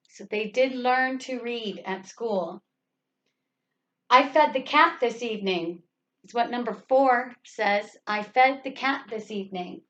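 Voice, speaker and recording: A woman teaches English grammar at a very slow, careful pace, pausing between phrases and pressing hard on each key word. Her voice sits a bit higher than most, and the recording sounds dull and lo-fi. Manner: stresses key words, repeats example sentences slowly. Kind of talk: slow, deliberate grammar lesson.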